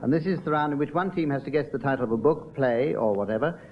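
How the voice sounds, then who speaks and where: A man chairing a comedy quiz show before a live audience, with dry, deadpan asides. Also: medium pitch, quick pace. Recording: dull old radio recording with loud audience. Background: studio audience laughter.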